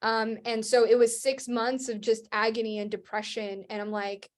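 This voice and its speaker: A woman's voice: a little high, flat delivery, moderate pace. A young woman, a guest on an interview show, tells her personal story in a rambling, casual way and acts out what other people said. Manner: rambling with many fillers and restarts. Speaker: guest, Christian rock singer.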